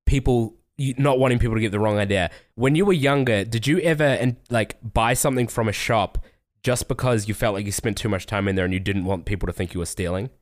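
A man's voice: fairly low pitch, quick pace, few pauses. A man co-hosting a podcast, rambling loosely through a childhood story with crude jokes. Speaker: podcast co-host. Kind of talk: casual chat.

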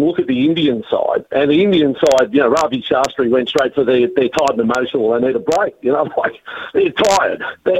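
Australian man, high and lively, teasing radio caller. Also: gravelly, noisy background. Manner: boisterous, teasing, rambling. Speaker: sports news contributor. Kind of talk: casual radio chat. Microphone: phone line.

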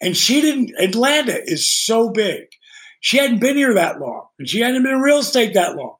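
A man's voice: very high-pitched, normal speed. A man guesting on a podcast, telling casual stories with lots of swearing and acted-out dialogue. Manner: animated, swears freely, acts out dialogue. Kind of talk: casual storytelling.

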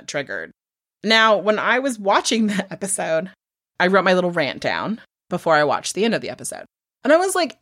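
A woman co-hosting a casual true crime podcast, telling the case in an animated way, swearing freely and acting out what people said. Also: fairly low pitch, a little fast, no room sound, clean studio sound. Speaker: podcast co-host.

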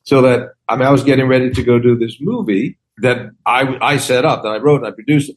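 Animated and conversational, a comedian-actor in his sixties acts out the exchanges in his stories during a casual chat. His medium-pitched voice is brisk.

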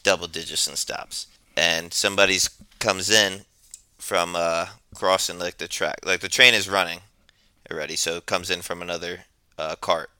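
Laid-back low-voiced New man. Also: steady tone, moderate pace, pushed and bright, clear, resonant tone, dry recording. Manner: laid-back, rambling, profane. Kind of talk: casual storytelling. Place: New York.

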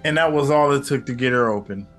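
A man's voice: mid-range voice, fast, faint music behind. A man hosting a casual film review podcast, swearing and acting out quotes as he tells the story. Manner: profane, animated storytelling with acted-out quotes. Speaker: podcast host.

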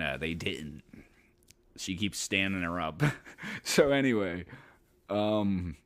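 A man's voice: sits low, fairly bright tone. A man hosting a podcast, telling a story casually, rambling and swearing with lots of filler. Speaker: podcast host.

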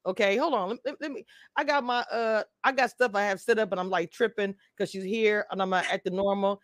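A woman's voice: medium pitch, steady tone, a little fast, no room sound, clean studio sound. A woman hosting a live online interview, gushing and playful with lots of slang. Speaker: host of a reality TV review channel. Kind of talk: excited live-stream interview.

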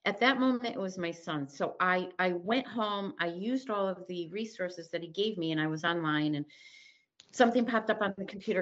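A woman's voice: lowish voice, moderate pace, dull audio. A middle-aged woman telling her own recovery story as an interview guest, candid and blunt, acting out past conversations and swearing freely.

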